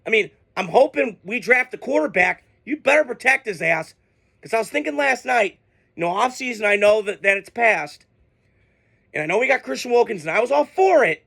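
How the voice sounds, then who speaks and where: A man's voice: very high voice, expressive, a little fast, vocal fry, fairly bright tone, husky. A man hosting a sports show, ranting casually with heated, profane, exasperated outbursts. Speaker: sports podcast host.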